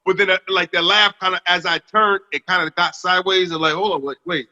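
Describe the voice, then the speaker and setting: A man's voice: steady tone, brisk, sharp tone, in a large hall, muffled recording. A young man from the US Northeast, cohosting a podcast in casual chat, telling a story with plenty of laughs and swearing. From Northeast United States. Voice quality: baritone.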